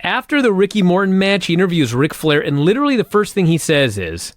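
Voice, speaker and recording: A blunt, joking man in casual podcast chat who swears freely. His voice sits a little high and bounces around a lot. It is recorded close and dry. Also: big pitch swings, quick pace, hardly any pauses, no echo. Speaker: podcast co-host and wrestler.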